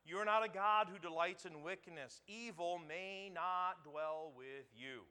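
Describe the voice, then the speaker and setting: Male preacher, sermon delivery, pitched a bit high, sharp bright tone, swells to loud emphasis. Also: unhurried, clean tone. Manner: repeats words for emphasis, asks the congregation questions. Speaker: pastor.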